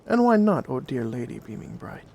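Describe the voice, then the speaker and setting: A man's voice: medium pitch, sing-song, normal speed, gravelly, a little mellow, slight background noise. A man doing an ardent courtly emperor. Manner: formal and courtly.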